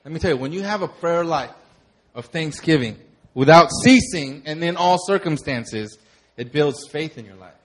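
A young adult man preaching a sermon, talking conversationally, with animated storytelling and laughter. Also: a little high, moderate pace. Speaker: pastor.

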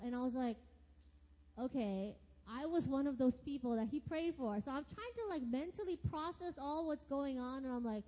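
Lady preaching her testimony, high voice, acts out her reactions, long echo, kinda muffled. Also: normal speed. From United States. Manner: animated, acts out her own past reactions. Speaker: church leader sharing testimony. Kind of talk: personal testimony sermon. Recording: reverberant hall, dull lo-fi sound.

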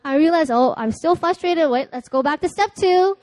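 High-voiced woman preaching a sermon. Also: normal speed, a little mellow, no echo. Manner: storytelling, acting out dialogue, laughing often. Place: church.

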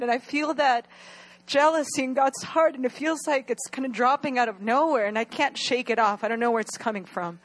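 A woman's voice: sits high, fairly quick. A young adult woman preaching an earnest sermon to her church, at times crying as she pleads. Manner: earnest, rising to emotional pleas. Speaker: pastor.

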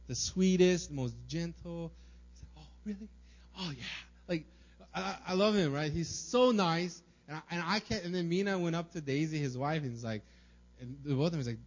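A young man with a slightly raised pitch delivers a sermon to his church in a casual, conversational way, leaning on fillers and asking "right?" again and again. The recording is muffled and lo-fi. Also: a little fast. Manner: casual, filler-heavy preaching with many "right?" and "like". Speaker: pastor.

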